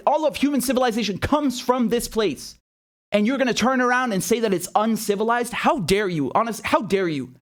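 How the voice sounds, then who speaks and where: A man with a high voice delivers a heated, sarcastic commentary, swearing freely and piling on outrage. He talks like a political commentator reacting to clips for his own show. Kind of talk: indignant video commentary.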